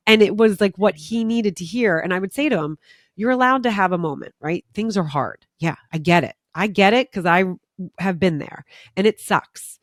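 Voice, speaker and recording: Animated woman host telling stories. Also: fairly low pitch, fairly quick, dry recording, studio quality. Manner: lively storyteller acting out quoted voices; swears casually. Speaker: podcast host. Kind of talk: casual conversation.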